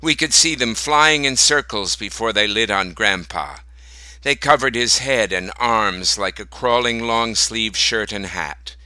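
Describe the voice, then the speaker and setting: Male narrator reading a story, slow and deliberate, sharp bright tone, dry close sound. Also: on the low side, no echo, low-quality recording. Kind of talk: reading a short story aloud.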